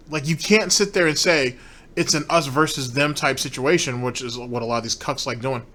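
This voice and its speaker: Guy ranting on stream, swears a ton, scornful, kinda high voice. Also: fairly bright tone. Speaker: commentary streamer. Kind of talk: ranting commentary.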